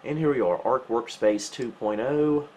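A man's voice: mid-range voice, measured pace, slight background noise. Wry man narrating retro gameplay. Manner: relaxed, wry, self-mocking asides. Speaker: retro computer channel host. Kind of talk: casual gameplay commentary.

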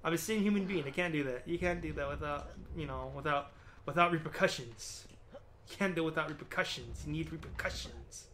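A man's voice: fairly high pitch, a little fast, pushed and bright, a little hiss or hum. A young man hosting a gameplay video, ranting in an exasperated, rambling way with plenty of restarts and swearing. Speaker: gaming video host. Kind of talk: rambling commentary over gameplay.

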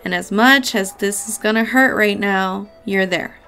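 A woman's voice: medium pitch, measured pace, vocal fry, pushed and bright, soft background music. A woman giving a casual pick-a-card tarot reading, chatty and affectionate, with casual swearing. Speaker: tarot reader.

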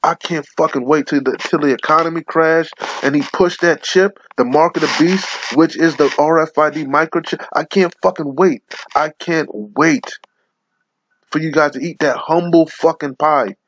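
A man's voice: a little high, normal speed, fairly bright tone, slightly rough. A man giving an angry, profane rant in which he reads scripture aloud and lectures his listeners. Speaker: religious commentator. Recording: lo-fi muffled audio.

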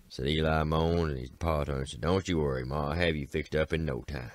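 In an extremely low, steady voice, an Appalachian-accented storyteller spins a folk tale briskly with few pauses, captured in a dry recording. His delivery is folksy, starting lines with "said" and giving each character a voice.

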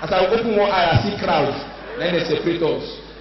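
A man with a Nigerian accent telling a stand-up story, animated and loud at times. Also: high voice, fast talker, dull audio, background noise. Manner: animated, loud comic shouting. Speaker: stand-up comedian. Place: large live venue. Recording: echoey live hall from far off.

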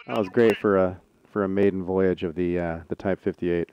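A man streaming a tank game live, chatting excitably to teammates and viewers. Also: deep voice, moderate pace, few pauses, a little hiss or hum. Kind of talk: live gameplay commentary.

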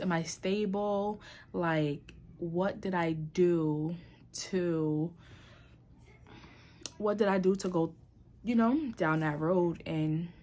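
A young adult woman talking candidly to camera in a personal vlog, reflective and emotional, with many fillers and restarts. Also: lowish voice. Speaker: vlogger. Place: New York City.

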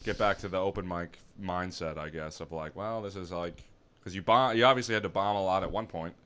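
Male host, very deep and smooth, relaxed and conversational. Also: a little fast. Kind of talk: casual chat.

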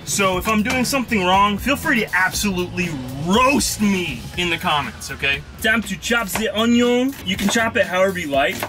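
A man hosting a casual cooking vlog from inside his van, talking in a jokey, rambling, self-mocking way. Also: high-pitched. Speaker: vlog host. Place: inside a van in a parking lot.

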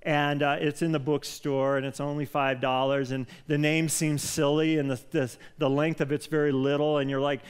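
A man preaching a casual, excitable sermon in a church, often restarting his sentences. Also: a little high, normal speed, few pauses, clear, resonant tone. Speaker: pastor. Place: church sanctuary.

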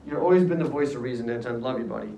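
A man voicing a sly, two-faced male dictator who speaks softly with false friendliness. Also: medium pitch, very fast, gravelly, voice pushed down, natural voice. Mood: fake friendly. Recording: roomy, distant classroom recording.

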